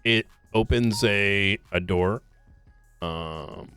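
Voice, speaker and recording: Low-voiced man, halting in-character talk. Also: sharp tone, clear, resonant tone, soft background music. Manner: hesitant, many pauses and ums. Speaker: roleplay player. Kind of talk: in-character roleplay chat.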